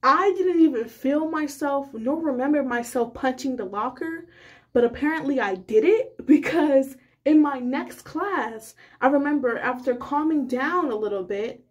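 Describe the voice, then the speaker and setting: A young woman telling a casual storytime, rambling and animated, with many fillers. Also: high voice. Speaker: vlogger.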